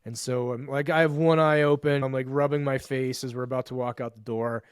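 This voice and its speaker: Male podcast guest, men's coach, average pitch, dry close sound, punchy profane storyteller. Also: fairly even intonation, clear, resonant tone, dry recording. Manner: emphatic, profane, fast-building lists. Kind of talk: animated storytelling in conversation.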